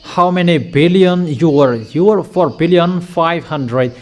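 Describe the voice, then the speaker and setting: A man preaching a sermon with slow, emphatic declarations, often repeating his lines for weight. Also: a little high, darkish tone.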